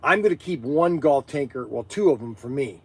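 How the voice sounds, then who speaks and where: A man's voice: medium pitch, animated, normal speed, slightly rough. A man hosting a casual livestream, chatting in a rambling way with lots of fillers and restarts. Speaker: livestream host selling collectible toys.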